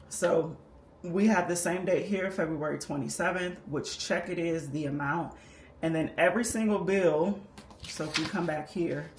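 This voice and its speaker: Woman explaining step by step in an echoey room. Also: on the low side. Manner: patient, methodical explaining while working on paper. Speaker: personal finance creator. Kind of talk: step-by-step budgeting tutorial. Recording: echoey room with faint background noise.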